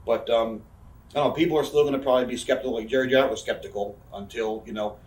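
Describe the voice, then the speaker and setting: A man's voice: medium pitch, steady tone, darkish tone, far from the mic. A man, a wrestler telling candid, profane stories in an interview. He rambles, swears constantly and fills his talk with fillers. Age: 30s. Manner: profane, rambling, quick talker with frequent fillers. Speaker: interview guest, pro wrestler. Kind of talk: candid casual storytelling. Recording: roomy echo, voice a bit off-mic.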